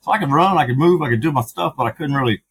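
A man's voice: fairly high pitch, racing, a bit bright, slightly rough, low-quality recording. A middle-aged man, a podcast guest, telling his story candidly, with frank, profane talk full of fillers and restarts.

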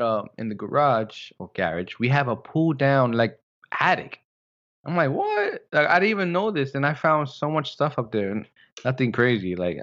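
A man co-hosting a casual podcast, telling relaxed stories about his house with jokey asides. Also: medium pitch, highs cut off. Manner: laid-back storytelling, jokey asides. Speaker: podcast co-host. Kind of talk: casual chat.

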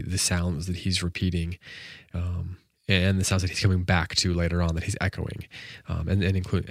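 Man, deep voice, slow measured poetry recital, easygoing commentary, dry close sound. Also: dry recording. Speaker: poetry podcast host. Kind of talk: poetry reading and casual commentary.

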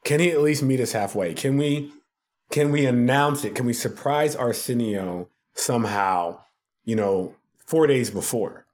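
Unhurried and medium-pitched with a somewhat dark tone, a man recounts a story as a podcast guest. He works in TV production, and his telling is animated, laugh-filled, and packed with acted-out voices.

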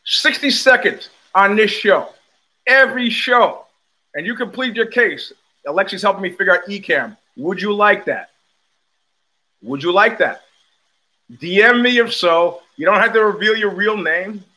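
This older New York host speaks high-pitched and unhurried on his casual livestream. His monologue is full of blunt, swaggering, animated stories, peppered with profanity and frequent sentence restarts.

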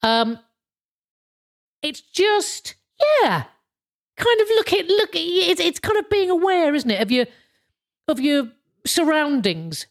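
A woman's voice: high voice, sing-song, slow pace, pauses often. A British woman hosting a podcast in a casual monologue, rambling with frequent chuckles and casual swearing. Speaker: podcast host.

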